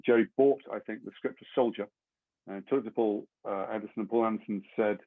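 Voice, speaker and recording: A man from England, an actor guest telling stories in a casual, lively way and slipping into the voices of the people in them. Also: lowish voice, fast, dry recording. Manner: lively raconteur who acts out the other people in his stories. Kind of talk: casual anecdote storytelling. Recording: dry, phone-like narrow audio.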